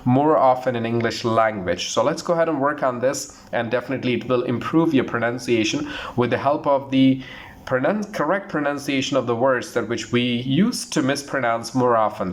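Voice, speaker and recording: Earnest man teaching pronunciation. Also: medium pitch. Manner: earnest, repetitive, slows down to model words. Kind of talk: online pronunciation lesson.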